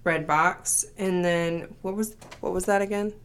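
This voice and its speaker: A woman co-hosting a podcast in casual chat, playful and quick to tease. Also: fairly low pitch, fairly even intonation, clear, resonant tone. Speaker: podcast co-host.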